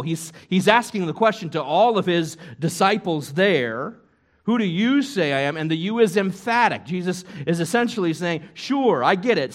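A man preaching a sermon in a conversational way, with rhetorical tag questions, swinging between loud emphasis and hushed asides. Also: a little high. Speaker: pastor.

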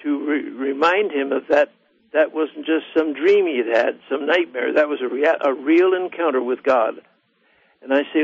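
A man's voice: fairly high pitch, moderate pace, gravelly, breathy edge, dry recording. A male radio guest teaching from the Bible in an earnest, preaching way, calling listeners friends. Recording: dry, dull lo-fi line.

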